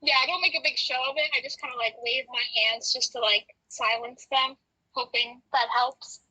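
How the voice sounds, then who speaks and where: A woman's voice: high-pitched, normal speed, bright, forceful tone, slightly rough. A woman player chatting in a teasing, casual way during a tabletop game over muffled voice chat.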